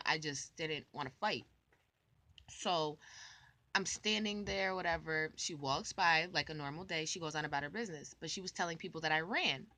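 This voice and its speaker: A young adult woman telling a personal story to camera in a rambling, animated way, full of filler words and the odd swear word. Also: lowish voice. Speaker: vlogger. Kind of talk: casual storytime monologue.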